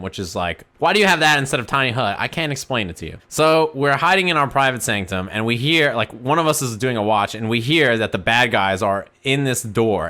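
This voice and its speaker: A man streaming, casually telling a rambling, profanity-laced story to his chat. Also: mid-range voice. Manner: animated, profane, rambling anecdote.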